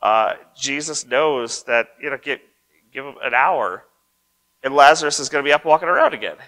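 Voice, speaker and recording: A man pastor preaching a sermon in a conversational way. He reads scripture aloud, comments on it, and often adds a quick "right?" to check in with listeners. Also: medium pitch, bright, forceful tone, poor audio.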